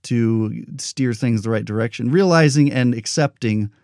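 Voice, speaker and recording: A man hosting a podcast interview, thoughtful and a bit rambling, with soft laughs. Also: medium pitch, normal speed, no echo, clean studio sound. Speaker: podcast host.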